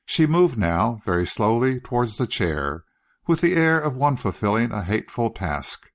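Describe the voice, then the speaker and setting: A man narrating an audiobook in a measured, expressive manner. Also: mid-range voice. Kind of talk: scripted narration.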